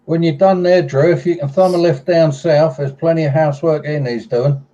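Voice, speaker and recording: A man's voice: on the high side, fairly even intonation, moderate pace, mellow, lo-fi sound. A middle-aged man with an English accent, trading dry, teasing jokes in casual chat.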